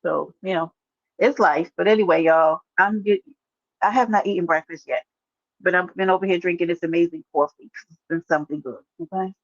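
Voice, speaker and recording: A woman chats casually on her livestream, teasing and answering viewers by name as they write in. Her voice sits at an ordinary pitch. The sound is dull and lo-fi, with a dry, close room. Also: fairly even intonation, a little fast, no echo. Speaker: livestream host. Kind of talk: casual live-stream chat.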